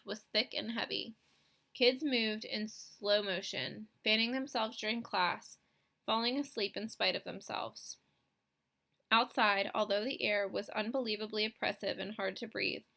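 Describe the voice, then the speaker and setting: A woman narrating a children's novel in a clear, expressive reading voice. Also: mid-range voice. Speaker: audiobook reader. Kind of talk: scripted storybook narration.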